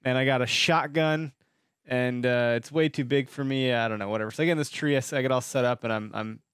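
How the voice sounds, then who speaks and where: A man's voice: mid-range voice, steady tone, fast talker, a bit bright, smooth, dry recording. Male podcast host from Wisconsin, casual rambling storyteller who swears a bit, dry close-miked sound. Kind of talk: casual chat.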